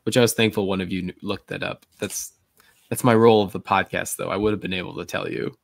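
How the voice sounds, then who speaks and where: A deep-voiced man with a gravelly, creaky edge co-hosts a casual podcast. His sound is close and dry, with no room around it. He chats loosely and drops wry, sarcastic asides. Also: fairly even intonation, fast, no echo. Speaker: podcast co-host. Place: remote call.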